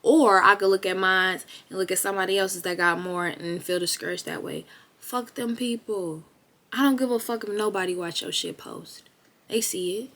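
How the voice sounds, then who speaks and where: A young woman speaks straight to camera in a blunt, profane motivational talk. Her voice sits in a middle register, and her delivery is emphatic and animated, now and then climbing into loud, excited bursts. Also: medium pitch, moderate pace. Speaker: vlogger.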